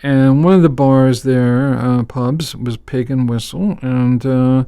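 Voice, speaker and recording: Man, podcast host, rambling, filler-heavy, smooth clear voice, dry close sound. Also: medium pitch, fairly even intonation, slow, dark tone, dry recording. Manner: rambling, many fillers and restarts. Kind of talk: conversational interview.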